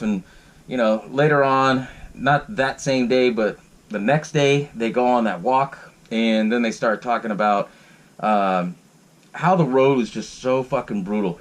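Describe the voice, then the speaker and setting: A man hosting his own podcast, giving a casual, rambling recap of a horror film, swearing freely and laughing between sentences. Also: mid-range voice. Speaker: podcast host. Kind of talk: casual solo movie recap.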